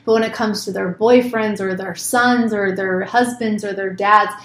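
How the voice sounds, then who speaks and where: A woman in her thirties talks openly on a podcast, lively and blunt, swearing casually. The room gives her voice a clear echo. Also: medium pitch, normal speed. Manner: candid, lively, swears casually, acts out her own words. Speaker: podcast co-host, mother. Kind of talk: casual conversation.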